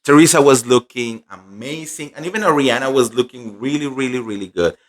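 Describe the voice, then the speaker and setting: A young man recapping a fan convention in casual, gossipy chat, animated and full of fillers. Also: medium pitch, fairly quick. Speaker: pop culture vlogger.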